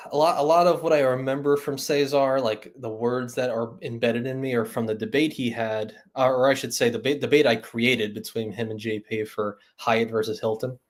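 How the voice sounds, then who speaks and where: A man's voice: medium pitch, measured pace. A man hosting a casual livestream, rambling and laughing often as he chats. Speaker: livestream host.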